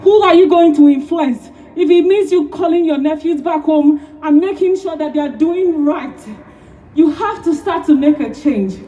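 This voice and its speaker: A woman's voice: high voice, moderate pace, warm tone, dull audio. A woman in her thirties from Nigeria giving an emotional, rousing speech at an outdoor rally, repeating key phrases. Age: 30s. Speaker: rally speaker.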